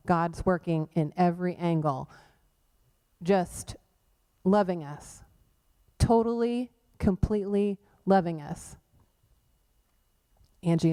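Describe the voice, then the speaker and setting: Smooth-voiced woman giving a testimony. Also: lowish voice. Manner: animated storytelling, acting out quoted voices. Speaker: guest speaker at a church women's event. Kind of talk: personal testimony talk. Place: church event space.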